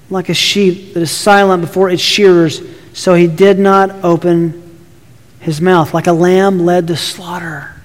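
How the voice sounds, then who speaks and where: High-voiced preacher in a reverberant hall. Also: male voice. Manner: emphatic preaching with repeated restarts. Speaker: pastor. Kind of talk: sermon.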